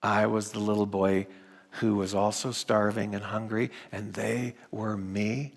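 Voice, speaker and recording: Middle-aged guy preaching slow, gravelly voice, big reverby church hall. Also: fairly low pitch, flat delivery. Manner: slow, dramatic pauses, hushed moments. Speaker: minister. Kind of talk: storytelling sermon. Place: large church sanctuary.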